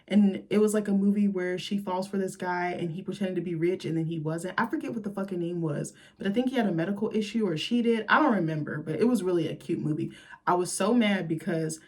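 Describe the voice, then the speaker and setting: A woman's voice: on the low side, fast, a little mellow. A woman host talking casually and profanely about a movie, chatty and sassy.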